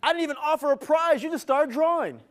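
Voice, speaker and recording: A man giving an interactive live keynote as a motivational speaker, energetic and playful, teasing his audience. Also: extremely high pitch, quick pace, a faint crowd. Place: event venue with a live audience.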